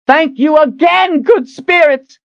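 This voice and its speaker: A man voicing a desperate, defiant noblewoman who screams her orders from a dark pit, on a dull lo-fi recording. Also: takes it slowly, no room sound. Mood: furious. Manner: screaming, shrill pleading calls. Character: defiant desperate woman, Mother Confessor trapped in a pit.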